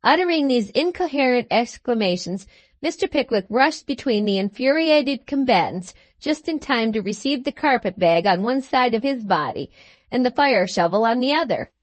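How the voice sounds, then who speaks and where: A woman narrating a classic novel aloud in a measured, expressive style. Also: a little high, no room sound. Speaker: audiobook narrator. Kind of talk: scripted storybook narration.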